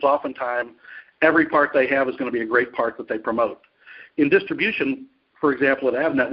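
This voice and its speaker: A male executive being interviewed, answering in a measured, explanatory way with frequent fillers. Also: medium pitch, dull audio. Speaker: industry executive guest. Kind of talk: business interview.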